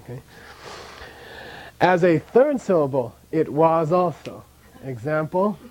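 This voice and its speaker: A man leads a classroom lesson, drilling pronunciation and explaining rules in a patient, repetitive way. His voice sits a little high for a man, and he lets out light chuckles as he teaches. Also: animated, takes it slowly, darkish tone, dull audio. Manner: patient, repeats sounds for students to echo. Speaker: language teacher.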